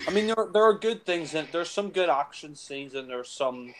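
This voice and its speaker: A man's voice: on the high side, animated, normal speed, a bit bright, a little hiss or hum, poor audio. A man casually commentating on a film, blunt and crude, with lots of fillers like "you know".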